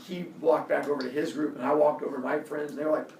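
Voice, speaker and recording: A man casually telling a personal story as a podcast host, animated, acting out quotes with loud jumps. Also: a little high, quick pace, creaky, few pauses, slight background noise. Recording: echoey room, mic at a distance.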